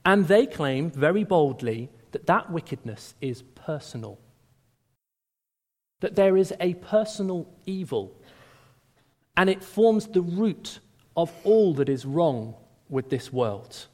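A man preaching a sermon to a gathering, speaking with animated emphasis and raising his voice on quoted lines. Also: on the high side, takes it slowly. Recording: reverberant hall.

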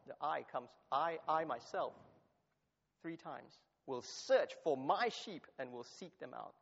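A man's voice: medium pitch, moderate pace, creaky. A man preaching a sermon and reading scripture aloud, stressing key phrases by repeating them. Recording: long hall reverb, dull lo-fi sound.

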